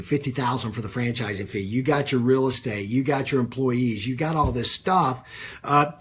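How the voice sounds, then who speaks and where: A man giving a live-streamed business coaching talk, conversational, with many fillers and repeated phrases, pausing to greet viewers by name. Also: medium pitch, slight background noise.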